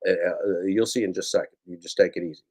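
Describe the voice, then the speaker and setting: A man's voice: sits low, fairly even intonation, fast, a little mellow, husky. Sarcastic rambling male vlogger. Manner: sarcastic, repeats phrases, mock-scolding asides. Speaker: YouTube broadcaster. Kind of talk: rambling screen-share commentary.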